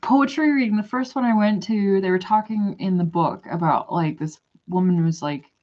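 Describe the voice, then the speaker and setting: A woman's voice: medium pitch, moderate pace, a little mellow. A woman telling a story in a casual monologue that rambles, hesitates and trails off. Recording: dull lo-fi recording.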